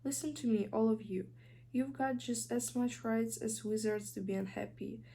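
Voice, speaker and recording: A woman's voice: on the high side, steady tone, normal speed, gravelly, dark tone, slight background noise. A woman with a Ukrainian accent reading a righteous, impatient teenage witch who lectures severely. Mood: stern.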